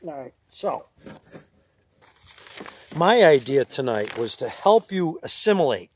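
A man's voice: a little high, very animated, takes it slowly, slight background noise. A man, co-hosting a podcast, telling rambling stories and laughing at his own jokes. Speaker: podcast co-host. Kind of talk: casual storytelling chat.

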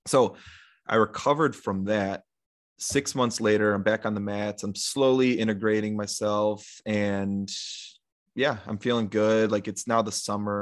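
A young man talking casually as a podcast guest, telling a long story in a relaxed, rambling way full of fillers and retold quotes. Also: fairly low pitch.

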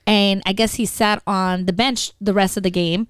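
A woman's voice: mid-range voice, steady tone, normal speed, clear, resonant tone, dry recording, clean studio sound. A woman in her thirties, a podcast co-host, telling an emotional family story in casual chat and swearing freely.

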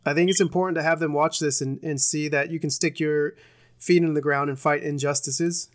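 A man talks earnestly on a podcast, dropping "dude" and "man" as he goes. His voice is slightly high. The sound is dry and close. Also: fairly even intonation, fairly quick, dry recording. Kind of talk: casual chat.

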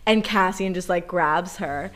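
A young woman co-hosting a podcast, gushing as she retells book scenes in casual chat, swinging from hushed to loud, with lots of fillers. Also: fairly low pitch, a little slow. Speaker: podcast co-host.

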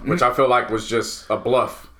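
A man co-hosting a podcast, riffing on football news in loose, profane, animated chat. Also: medium pitch, normal speed, slight background noise. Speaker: podcast co-host. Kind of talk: casual sports chat.

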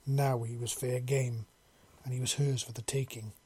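Guy reading a story aloud, calm and steady, mellow dark voice, kinda breathy. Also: mid-range voice, moderate pace. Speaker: narrator.

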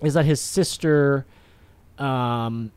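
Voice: medium pitch, takes it slowly, a little mellow, smooth, no echo. A podcast co-host in casual chat, wry and teasing.

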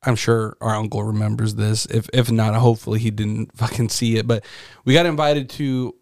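A man's voice: lowish voice, fairly even intonation, normal speed, gravelly, darkish tone, dry recording, clean studio sound. A young man co-hosting a podcast, telling casual stories with lots of fillers and swearing. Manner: loose, profane storytelling with many fillers. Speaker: podcast co-host. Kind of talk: casual chat.

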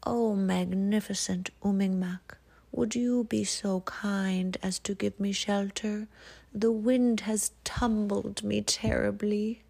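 Brief: woman playing a ruffled, flowery snowy owl, higher and a bit raspy. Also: slow. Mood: pleading. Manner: grand, flattering pleading. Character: flattering, windblown snowy owl.

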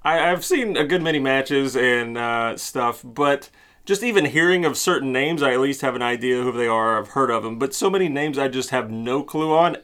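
A man co-hosting a casual podcast, joking, cursing lightly and tossing in quick asides. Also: medium pitch, fairly bright tone, clear, resonant tone. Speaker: podcast co-host.

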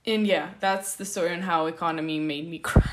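A woman's voice: fairly low pitch, fairly even intonation, fairly quick. Young woman podcast host, casual and jittery, rambling and self-deprecating. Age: young adult. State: nervous. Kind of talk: casual solo podcast update.

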